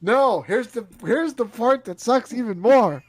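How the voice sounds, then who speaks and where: A man's voice: very high-pitched, unhurried, no room sound. A man in his thirties, a podcast co-host, telling a story with lots of laughs and acting out the other people in it. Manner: animated storyteller, acts out exchanges, laughs often. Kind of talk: casual chat.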